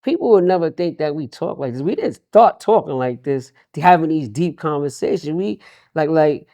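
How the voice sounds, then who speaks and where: A man's voice: on the high side, animated, moderate pace, dark tone, no echo. A man, a union leader talking in a casual interview, streetwise and repeating words for emphasis. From Queens, New York.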